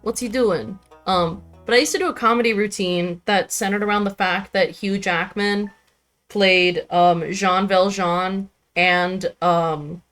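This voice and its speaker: A young woman chats her way through a live game stream at an unhurried, drawn-out pace. She rambles warmly between tasks and keeps slipping into a high, cooing baby-talk voice for her cat. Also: steady tone, soft background music. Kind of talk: casual live-stream chat while gaming.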